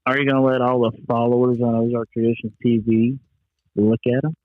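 A man's voice: medium pitch, flat delivery, fairly quick, dry recording. A laid-back man cuts in with short, agreeable remarks during a hunting chat. His voice sounds a little dull and muffled, but dry and close to the mic. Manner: brief interjections, affirming. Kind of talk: casual chat.

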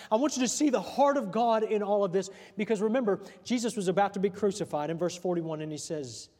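Man, pastor, sermon, high voice, rhetorical questions, trailing soft endings, church hall reverb. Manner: preaching with pauses and repeated rhetorical questions, voice dropping soft at line ends. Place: church sanctuary.

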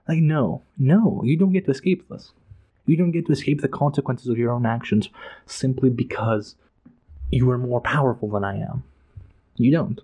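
Man, emphatic passionate book commentary, swears freely, mellow husky voice. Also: medium pitch, normal speed. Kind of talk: casual analysis.

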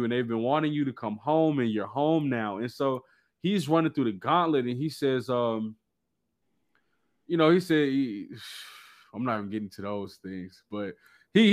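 A man telling a personal story in casual chat, animated and slangy. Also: medium pitch. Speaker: guest.

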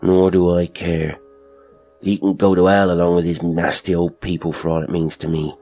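A man's voice: deep voice, flat delivery, moderate pace, warm tone, faint music behind. A man voicing a teasing, blunt young rural man in an audio horror story, raising his voice above his usual narration. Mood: scornful. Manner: teasing, calls out brashly.

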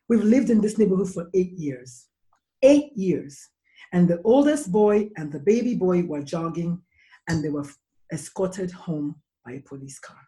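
A woman's voice: medium pitch, warm tone. A woman, a guest on a podcast and a mother of three sons, speaking emphatically and firing off rhetorical questions, sometimes swearing. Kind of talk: impassioned conversation.

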